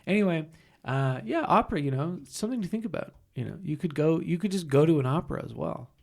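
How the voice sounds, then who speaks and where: A young man co-hosting a casual podcast chat, talking in halting bursts and laughing often. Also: a little high, expressive, gravelly, darkish tone. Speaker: podcast co-host.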